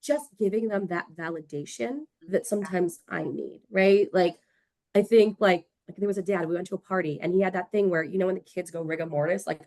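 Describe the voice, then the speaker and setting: A woman's voice: fairly low pitch, brisk, no echo. A woman on a panel, chatting expressively and acting out quotes in her stories. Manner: expressive, acts out quotes, drops to a whisper at times. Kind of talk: casual panel chat. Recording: dry close sound.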